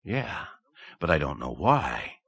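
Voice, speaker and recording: A shaken man under hypnosis voices his unease and pleads for it to stop, as a male reader plays him. The voice is deep and dry. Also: big pitch swings, takes it slowly, vocal fry, a bit bright, husky, no room sound, heavily acted. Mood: uneasy.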